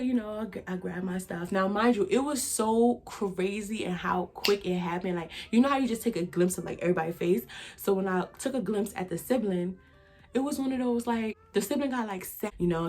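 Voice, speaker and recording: A woman's voice: mid-range voice, darkish tone. Chatty woman telling a storytime. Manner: chatty, lots of fillers and asides to viewers. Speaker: vlogger. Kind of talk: casual storytime.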